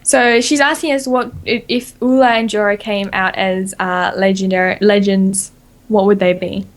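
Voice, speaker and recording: A woman with an Australian accent co-hosting a casual gaming podcast, excitable and quick to laugh. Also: mid-range voice. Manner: giggly, excitable, laughs often. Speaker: podcast co-host.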